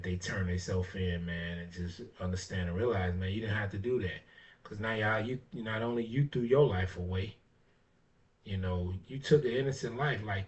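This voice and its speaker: A barber who hosts his own talk show delivers a casual monologue, blunt and profane, full of "man" and "you know what I'm saying," swinging between low mutters and heated rants. He's off-mic on a distant microphone, and the recording sounds dull and lo-fi.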